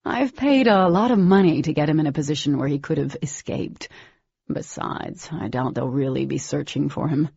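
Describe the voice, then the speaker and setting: A woman's voice: deep voice, moderate pace, creaky, darkish tone, slightly rough, dry recording, dull audio, full character voice. A woman voicing an older male villain, cold, smug and calculating, in a clipped, condescending manner.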